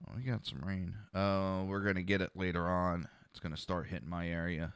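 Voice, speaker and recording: A man's voice: low-pitched, little pitch movement, fairly quick, fairly bright tone, clear, resonant tone, dry recording. A man hosting a political talk podcast, ranting bluntly and sarcastically with lots of profanity and talking to his live listeners. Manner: talks to listeners in a live chat. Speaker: podcast host.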